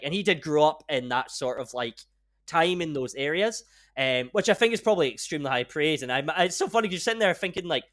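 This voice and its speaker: Brief: young male podcast host, rambling, excitable, sweary, voice on the higher side. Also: fast. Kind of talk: casual chat.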